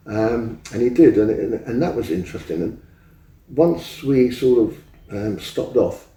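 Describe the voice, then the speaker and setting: A man's voice: fairly low pitch, dark tone. Older man in a roomy, distant recording. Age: 70s. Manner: rambling, acts out quoted dialogue. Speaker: interview guest. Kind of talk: anecdotal storytelling. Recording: roomy echo, distant mic.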